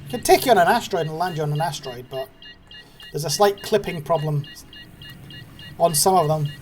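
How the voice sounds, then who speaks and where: A man's voice: on the high side, lively intonation, brisk, darkish tone. A British man giving chatty, cheeky live-stream commentary while playing a game, swearing casually. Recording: faint background noise.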